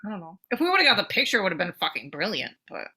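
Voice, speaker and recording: Bright-voiced, swearing woman telling a story. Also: mid-range voice, quick pace, breathy edge. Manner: animated, swearing, acts out voices in anecdotes. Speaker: podcast co-host. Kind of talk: casual chat, storytelling.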